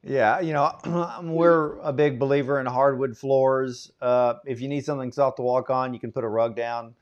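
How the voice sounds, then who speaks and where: A man hosting an interview, speaking in a relaxed way and pausing on uhs. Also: mid-range voice, lo-fi sound. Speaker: host. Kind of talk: interview chat.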